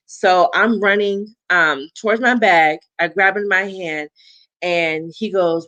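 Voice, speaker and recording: A young adult woman, a guest, telling a personal story and acting out the dialogue with big jumps in pitch. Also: measured pace, dry recording. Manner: animated, acts out quoted dialogue with big pitch swings.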